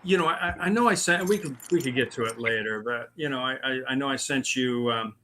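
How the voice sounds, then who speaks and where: A man's voice: mid-range voice, fairly quick, pushed and bright, a little hiss or hum. A man telling his own paranormal stories in a rambling way, with many fillers and restarts. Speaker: paranormal investigator guest. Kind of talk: casual storytelling.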